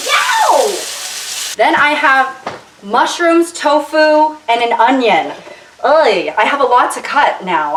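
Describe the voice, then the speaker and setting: A woman's voice: medium pitch, a bit bright. Young woman vlogging while she cooks, rambly and self-deprecating, mic's far off in a roomy kitchen. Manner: chatty, self-mocking, rambling with many fillers. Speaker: YouTuber. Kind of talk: casual cooking vlog chat. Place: home kitchen. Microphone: camera tilted down on the counter. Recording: roomy kitchen sound from a distant camera mic.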